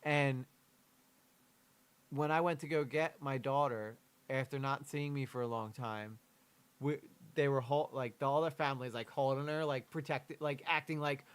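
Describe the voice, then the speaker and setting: Reacting to a true crime video on a livestream, a young man opens up emotionally and frankly about his daughter, cursing casually as he goes. His voice is medium-pitched with fairly even intonation, a moderate pace, and a clean tone.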